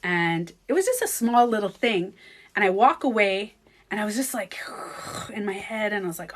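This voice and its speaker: A woman chatting casually on a livestream, animated and laughing often, acting out her own thoughts. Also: medium pitch, normal speed. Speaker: beauty coach and vlogger.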